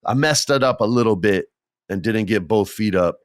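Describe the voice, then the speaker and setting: A man with a deep, low voice hosts a podcast and tells stories in a casual, lively way. He acts out the quotes with sudden jumps in pitch. The sound is close and dry. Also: moderate pace, no echo. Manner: animated, acts out quotes with big jumps in pitch, laughs often. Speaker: podcast host. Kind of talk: casual storytelling.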